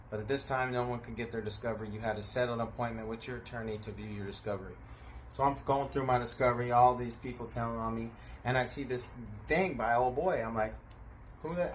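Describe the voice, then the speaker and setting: Man, casual storyteller, animated delivery, middle pitch, faint background noise. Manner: animated, acts out voices and sound effects, swears freely.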